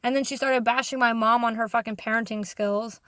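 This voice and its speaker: Young woman venting on her vlog, swears a lot, rambly, dry sound, voice sits kinda high. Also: fairly even intonation, fairly quick, a bit bright, no echo. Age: young adult. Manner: heated, profane, rambling with many "like"s. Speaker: vlogger. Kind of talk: casual storytime rant.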